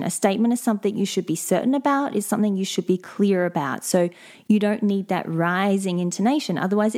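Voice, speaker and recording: A woman host speaks in a clear, measured way, teaching her listeners step by step. Her voice sits at an ordinary middle pitch for a woman. She sounds like a seasoned coach giving practical advice on her own show. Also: darkish tone. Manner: clear, measured, instructive delivery. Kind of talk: solo advice podcast.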